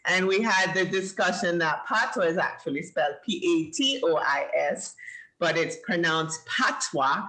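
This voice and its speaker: A woman's voice: on the low side, expressive, normal speed, sharp tone, low-quality recording. A woman hosting a live-streamed children's show over a video call, chatty and encouraging. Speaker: host of a kids' show.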